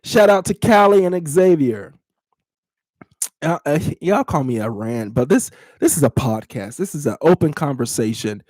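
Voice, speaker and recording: A man's voice: fairly high pitch, animated, normal speed, a little mellow, dry recording, studio quality. A man in his thirties hosting a casual podcast, talking bluntly to his live chat, teasing and laughing often. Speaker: podcast host.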